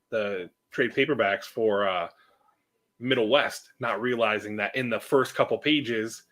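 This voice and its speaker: A middle-aged man chatting casually as a host, with a mid-pitched voice. He tells stories with energy and acts out every quote. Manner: animated storyteller, acts out quotes. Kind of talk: casual chat.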